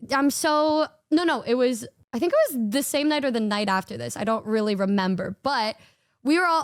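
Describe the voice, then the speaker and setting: A young woman casually telling trip stories, excitable and slangy, swearing freely and laughing often. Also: a little high, dry recording, clean studio sound. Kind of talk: casual storytelling.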